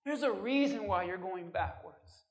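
A woman pastor preaching a sermon, speaking straight to her listeners with rhetorical questions and swinging from loud, urgent pleas to hushed, intimate lines. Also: mid-range voice, lively intonation, a little slow. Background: music.

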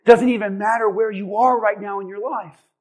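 A man preaching a sermon as pastor, swinging between shouted lines and soft, hushed assurances. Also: sits high, steady tone, normal speed.

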